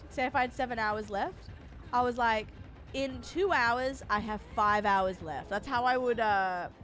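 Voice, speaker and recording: A woman's voice: a little high, fairly bright tone. A young woman streaming from home, chatting casually and rambling as she greets her chat by name.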